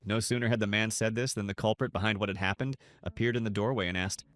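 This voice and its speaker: A man narrating a scripted story recap in a steady storytelling manner. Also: lowish voice, fast, hardly any pauses, dry recording. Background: soft music.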